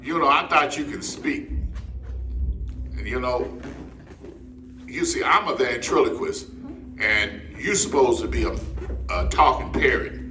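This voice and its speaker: A man's voice: medium pitch, expressive, measured pace, long pauses, recorded from a distance. A man performing as a ventriloquist for children, coaxing his puppet in a playful way. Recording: echoey room with loud noise.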